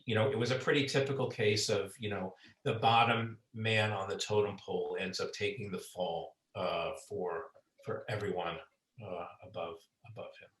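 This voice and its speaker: A man's voice: fairly low pitch, fairly even intonation, normal speed, a bit bright. A man, an author, chatting about his book with lots of fillers and restarts, heard over a video call. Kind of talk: conversational book talk. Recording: roomy sound, far from mic.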